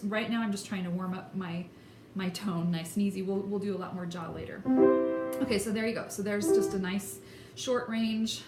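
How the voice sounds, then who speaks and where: A woman teaching a vocal lesson, explaining technique in an encouraging, emphatic way. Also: medium pitch. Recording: echoey room with instrument playing.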